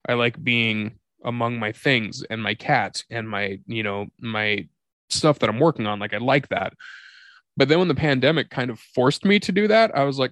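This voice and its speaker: Man, podcast co-host, swears a lot, confessional storytelling, mid-pitched, dry close mic. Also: moderate pace, a bit bright, no room sound. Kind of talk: candid comedic podcast conversation.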